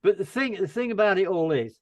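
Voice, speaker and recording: A man's voice: high voice, animated, fairly quick, no room sound. An older man from England in casual chat as a guest, rambling and dry-humoured.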